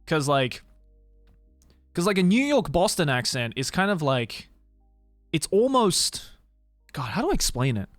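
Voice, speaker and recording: A man's voice: on the high side, very animated, a little slow, long pauses, no echo, clean studio sound, faint music behind. An Australian man streaming and chatting casually, rambling with lots of fillers and restarts. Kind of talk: casual livestream chat.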